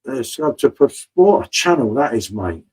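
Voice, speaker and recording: A man's voice: mid-range voice, big pitch swings, normal speed, a little mellow, slightly rough, low-quality recording. A man in casual live-stream chat from a home bar, chatty and swearing freely, calling everyone mate.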